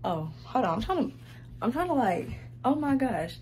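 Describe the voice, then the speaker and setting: A woman's voice: fairly high pitch, sing-song, brisk, a little mellow, slight background noise. A young woman vlogging casually to the camera, chatty and laughing, out of breath after a long walk. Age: young adult. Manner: chatty, laughs often, says y'all a lot. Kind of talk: casual vlog chat to camera.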